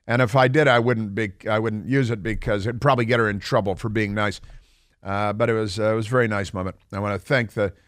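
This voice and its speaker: A man's voice: fairly low pitch, fairly even intonation, quick pace, a bit bright, no echo, studio quality. A man hosting a talk radio show, talking casually and rambling with many fillers and restarts. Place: radio studio.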